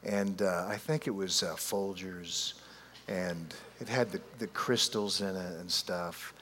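Slow-talking preacher in an echoing hall. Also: male voice, deep voice, a little hiss or hum. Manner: animated storyteller, drawn-out pauses and asides. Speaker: pastor. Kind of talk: sermon storytelling. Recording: long hall reverb.

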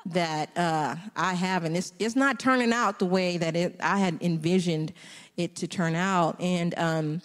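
A woman's voice: on the low side, measured pace, in a large hall. A middle-aged woman sharing a personal testimony on a church panel, laughing often as she tells it. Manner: laughs often while telling her story. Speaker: panel guest.

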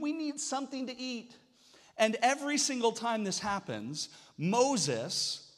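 A man in his thirties preaching a sermon, telling the story in a lively way and acting out whiny voices. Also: high-pitched, long reverb tail. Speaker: pastor.

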